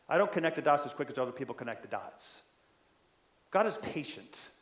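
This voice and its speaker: Animated preacher in an echoey room. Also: male voice, medium pitch, moderate pace. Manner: conversational, keeps asking "right?"; animated, builds in loudness when stressing a point. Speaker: pastor. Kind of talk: sermon.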